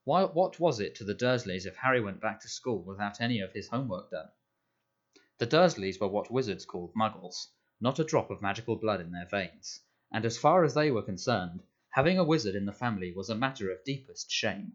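A man reading an audiobook aloud in a measured storytelling manner. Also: on the low side, lively intonation. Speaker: audiobook narrator. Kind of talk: scripted narration. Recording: dull lo-fi audio.

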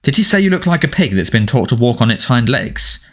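A man's voice: mid-range voice, sing-song, fairly quick. A man doing a mocking teenage boy. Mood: taunting. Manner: mocking, sardonic. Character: sarcastic teenage boy, defiant and needling.

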